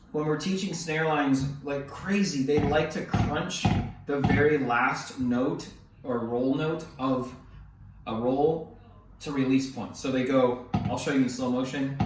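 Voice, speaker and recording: A man's voice: medium pitch, noisy background. A male drum instructor talking casually through snare exercises. He counts beats aloud and often restarts himself or apologizes. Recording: very echoey room, mic at a distance.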